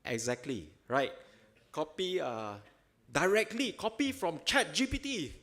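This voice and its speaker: A man's voice: on the high side, animated, unhurried, bright, forceful tone. A man speaking at a seminar in an auditorium, in loose, informal phrasing with fillers, ending his points with tag questions and chuckling at examples. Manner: chuckles while telling examples. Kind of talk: conference talk.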